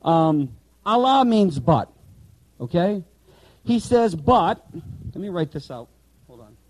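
Warm, emphatic male Bible teacher. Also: high-pitched, sing-song, slow, low-quality recording. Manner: emphatic, repeats key words, asks the class questions. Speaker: Bible teacher for pastors in training.

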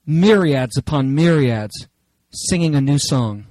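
A man preaching a sermon with passion, swinging between raised, shouted lines and hushed asides. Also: a little high, expressive, takes it slowly, no room sound, rough recording. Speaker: pastor.

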